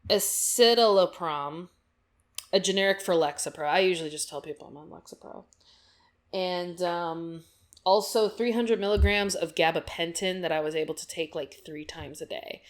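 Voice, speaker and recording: Candid young woman, rambling softly. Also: on the low side, moderate pace. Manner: candid, rambling, with many fillers and tangents. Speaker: art vlogger. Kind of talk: casual personal talk over a speed drawing.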